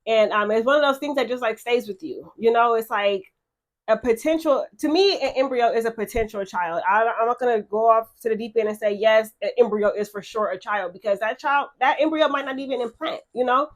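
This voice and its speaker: A woman's voice: on the high side, brisk. A young woman talking in a casual confessional vlog, chatty and emotional, full of fillers and repeated words, frank and blunt. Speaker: vlogger.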